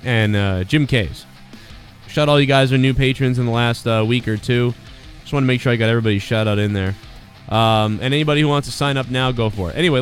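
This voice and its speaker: Blunt, profane man reviewing wrestling. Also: a little high. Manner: mimics wrestler promos in a louder voice. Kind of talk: casual solo review commentary.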